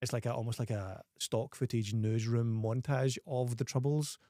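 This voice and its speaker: A man's voice: mid-range voice, normal speed, no echo, studio quality. Scottish man chatting about films. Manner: animated, often restarts phrases. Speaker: host. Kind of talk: casual film review chat.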